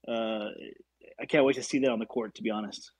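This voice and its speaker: A man's voice: lowish voice, steady tone, brisk, husky, no room sound, low-quality recording. A man calling into a casual basketball talk show, rambling easily and stumbling over his words. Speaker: caller. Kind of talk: casual chat.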